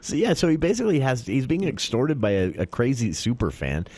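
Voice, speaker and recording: A man co-hosting a radio movie show in casual chat, talking in halting restarts and reading a plot summary aloud. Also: medium pitch, big pitch swings, a little mellow, dry recording.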